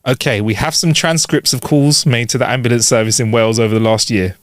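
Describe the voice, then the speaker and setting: A young man co-hosting a comedy podcast, telling stories in an animated, jokey way. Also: mid-range voice, quick pace, no room sound, studio quality. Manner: animated, jokey, lively storytelling. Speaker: podcast co-host. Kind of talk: casual comedic chat.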